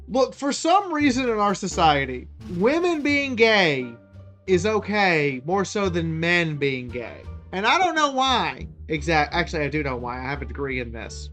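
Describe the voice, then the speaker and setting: A woman streamer reacting to memes in a loose, excitable way, swearing and riffing freely. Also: deep voice, moderate pace, faint music behind. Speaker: VTuber streamer. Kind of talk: meme reaction commentary.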